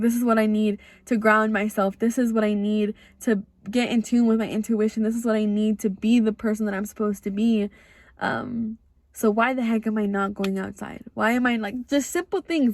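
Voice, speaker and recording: A woman's voice: mid-range voice, steady tone, a little fast, darkish tone, no room sound. A young woman with an American accent hosting a podcast, telling a personal story in a rambling, earnest way with lots of "like" fillers. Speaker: podcast host.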